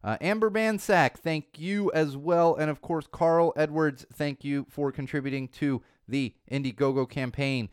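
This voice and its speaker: Podcast host, thirties, male, rambling casual delivery, smooth voice, dry close sound. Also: a little high, unhurried, hardly any pauses, dry recording. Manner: rambling, lots of fillers and restarts. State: slightly losing his voice.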